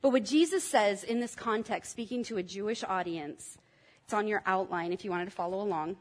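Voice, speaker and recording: A woman's voice: medium pitch, a little fast. A woman preaching a sermon in an enthusiastic, teacherly way, drawing the congregation in to repeat words after her. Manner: enthusiastic, teacherly, engages the audience.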